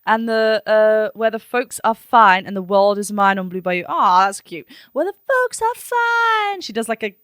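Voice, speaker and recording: A woman's voice: mid-range voice, fairly even intonation, moderate pace, few pauses, a bit bright, clear, resonant tone, no echo, clean studio sound. A woman vocal coach talking through a song in a chatty, analytic way, now and then singing short vowel demos. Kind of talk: reaction and analysis talk.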